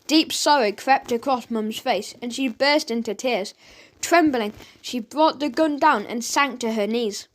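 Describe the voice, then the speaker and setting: A woman narrating a children's audiobook in an expressive storytelling manner. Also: fairly high pitch, measured pace.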